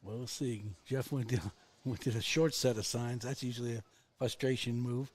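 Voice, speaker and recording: A man's voice: medium pitch, normal speed. Chuckling baseball color commentator man. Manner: relaxed and chuckling, tells anecdotes. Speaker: color commentator, former coach and umpire.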